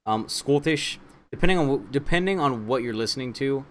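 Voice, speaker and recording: A man with a Midwestern American accent talks casually on a podcast, playful and a little hesitant with fillers. His pitch sits in the middle, and a faint noise hums under the recording. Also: expressive, a little fast. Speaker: podcast co-host. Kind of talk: casual chat.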